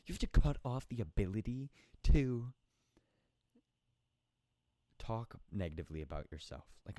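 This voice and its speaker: A young man hosts a casual solo podcast, rambling and poking fun at himself. His voice is very low and the sound is dry and close to the microphone. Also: darkish tone, no echo. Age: young adult. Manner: rambling and self-joking, with many restarts. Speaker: podcast host. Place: indoor room at home at night.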